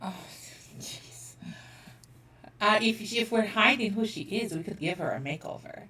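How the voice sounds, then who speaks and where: A woman's voice: mid-range voice, unhurried, bright, forceful tone, roomy sound, recorded from a distance. A woman playing in a tabletop game, chatting casually and laughing easily. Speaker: player.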